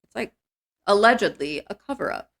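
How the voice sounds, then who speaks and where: A woman's voice: medium pitch, expressive, normal speed, creaky, a bit bright. A young woman co-hosting a movie podcast, talking casually and chattily with lots of fillers. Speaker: podcast co-host. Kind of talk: casual movie review chat.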